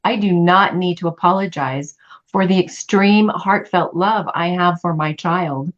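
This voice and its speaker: A woman's voice: lowish voice, a little slow, highs cut off. A middle-aged woman in a group chat, speaking earnestly and openly about her feelings. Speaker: study group member. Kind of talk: casual group chat on a call.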